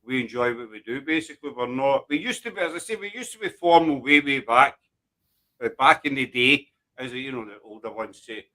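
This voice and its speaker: A man's voice: medium pitch, animated, brisk, pushed and bright, low-quality recording. A middle-aged man with a Glaswegian Scottish accent, hosting a casual chat show in a rambling, self-deprecating, joking way. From Glasgow, Scotland. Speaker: host.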